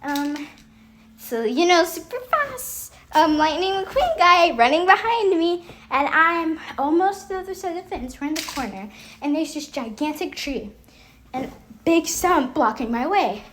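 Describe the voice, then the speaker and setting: A woman's voice: extremely high pitch, lively intonation, unhurried, fairly bright tone, slight background noise. A young woman telling a rambling storytime, with lots of fillers and frequent laughs. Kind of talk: casual storytime vlog.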